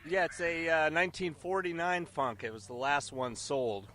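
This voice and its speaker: A man's voice: a little high, fairly even intonation, moderate pace, bright, forceful tone, a little hiss or hum. A man, a pilot guest, explaining plane facts in a matter-of-fact way outdoors at a small airfield.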